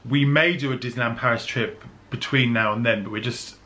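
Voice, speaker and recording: A man's voice: mid-range voice, steady tone, a little fast, pushed and bright. A man from the UK chatting casually about travel plans as a vlogger, laughing often and using lots of fillers. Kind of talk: casual chat.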